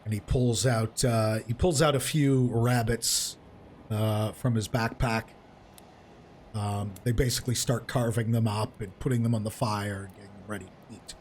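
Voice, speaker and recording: A man's voice: fairly low pitch, steady tone, moderate pace, darkish tone, a little hiss or hum. Rambling man running a tabletop game. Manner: rambling, lots of fillers and restarts. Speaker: game master.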